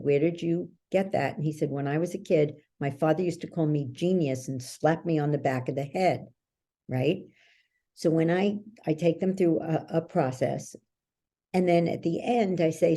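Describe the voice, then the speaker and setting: This interview guest, a belief-change coach, has a low voice with a dark tone. She explains her ideas through storytelling, pausing often to check in with the listener.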